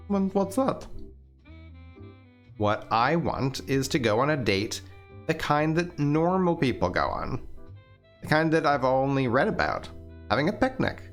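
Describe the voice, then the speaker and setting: A sweet, refined young woman, eager and romantic, as a man voices her in a visual novel read-aloud. Her voice swings through a lively range of pitch, genteel and playful. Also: lightly acted.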